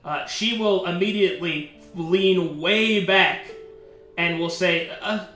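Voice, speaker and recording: Male game master narrating for stream chat; unhurried, fairly high voice in a roomy space. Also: a bit bright, soft background music. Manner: unhurried storytelling with fillers. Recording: echoey room.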